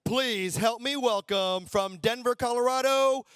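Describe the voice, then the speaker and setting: A man emceeing an event, excitedly hyping up a speaker's introduction. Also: very high voice, unhurried, very noisy. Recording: loud music and crowd behind.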